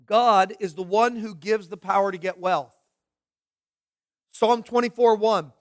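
A man's voice: sits high, a little slow, pauses often. A pastor preaching a sermon in an earnest, questioning way, often stumbling and repeating his words.

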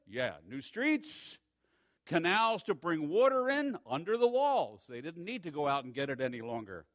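A man preaching a sermon in an animated, wry way, swinging between loud emphasis and hushed asides. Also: fairly high pitch, moderate pace. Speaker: pastor.

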